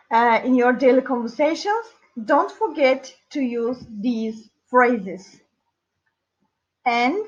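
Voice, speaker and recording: A woman giving an English lesson, speaking slowly and deliberately with hesitant fillers. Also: high voice, husky. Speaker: English teacher. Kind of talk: classroom language lesson. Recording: dull lo-fi recording.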